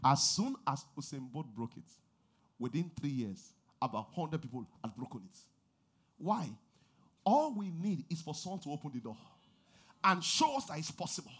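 A man preaching a sermon, reading scripture and building up to shouted, sing-song exhortations. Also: on the high side, very animated, moderate pace, pauses often, husky. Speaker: pastor.

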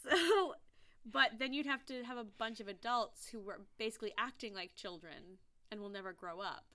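A woman in her thirties chats away as podcast co-host. Her voice is bright and clear, her talk full of fillers and self-deprecating asides. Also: a little high, normal speed. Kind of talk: casual chat.

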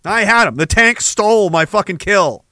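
A middle-aged man hosting a podcast, ranting with heavy profanity and jumping between war stories and shouted quotes. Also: sits high, lively intonation, normal speed, no room sound. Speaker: podcast host. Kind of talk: ranting monologue.

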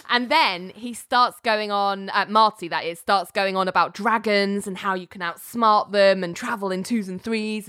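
Bright-voiced woman, chatty recap. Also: mid-range voice, clear, resonant tone, no room sound. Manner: chatty, laughs often, lots of fillers. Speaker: podcast co-host recapping a TV episode. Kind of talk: casual chat.

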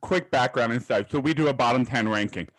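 A man co-hosting a casual sports podcast, eager and quick to jump in. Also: mid-range voice, poor audio. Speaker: podcast co-host.

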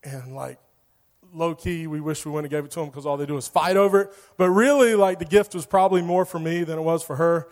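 A youth pastor delivers a sermon to young people in a loose, joking way, saying "like" a lot and leaning on other fillers. His brisk, darkish voice is high for a man, and a long church-hall reverb trails every line.

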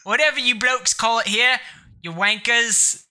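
A man putting on a slow, sing-song fake Australian accent for a crude migrant. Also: very high voice, bright, forceful tone, smooth, voice pushed up, exaggerated voice. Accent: mock Australian.

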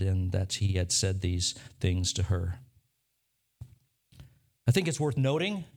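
Man, pastor, sermon, earnest, repeats phrases, middle pitch.

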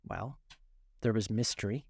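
A weepy, melancholy storybook turtle, voiced by a man, who sighs and sobs his way through every sentence. The voice sits low and slow and is heavy with self-pity. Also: vocal fry, a little mellow, slightly rough, full character voice. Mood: mournful. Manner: mournful, sighing, slow. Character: melancholy sobbing male Mock Turtle, sighing.

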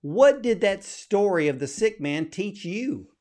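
A man host leads the interview with earnest, admiring questions. His voice sits a little higher than most men's. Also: very animated, measured pace, a little mellow. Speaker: podcast host.

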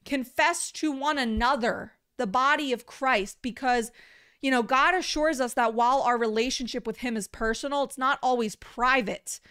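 Smooth-voiced woman teaching scripture earnestly. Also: high voice, normal speed, pushed and bright. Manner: earnest, conversational, repeats words for emphasis. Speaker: Bible teacher. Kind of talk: livestreamed Bible teaching.

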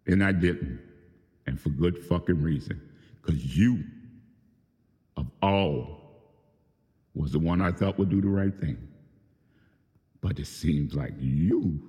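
A man's voice: low-pitched, slow pace, pauses often, dark tone, long reverb tail. A man hosting his own show, delivering a profane, confrontational unscripted monologue. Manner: profane, venting, confrontational, addressing people by name.

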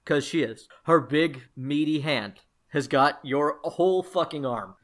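A man's voice: on the high side, a little slow, a bit bright. Casual male game master narrating. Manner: casual, laughs often.

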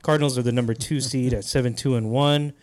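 A man's voice: mid-range voice, fairly even intonation, fast, a little mellow. A man hosting a casual podcast, going through amateur baseball playoff picks in a laid-back, joking way. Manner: laid-back, casual, swears, laughs easily. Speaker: podcast host.

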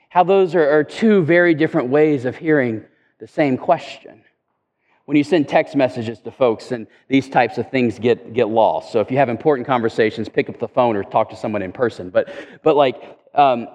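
A man's voice: mid-range voice, normal speed, a little mellow. A man preaching a sermon in a conversational way, often repeating words as he goes. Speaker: pastor. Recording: echoey hall reverb.

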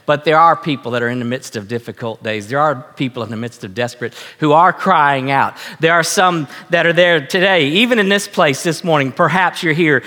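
A man preaching a sermon as pastor, earnest and halting, repeating himself with many fillers. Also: on the high side, pushed and bright. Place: church sanctuary. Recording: echoey hall.

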